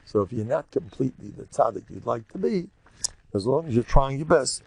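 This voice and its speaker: An older rabbi who gives a Torah lecture in an animated, jokey storytelling way, full of repetitions. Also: male voice, medium pitch, a little fast, gravelly, slightly rough.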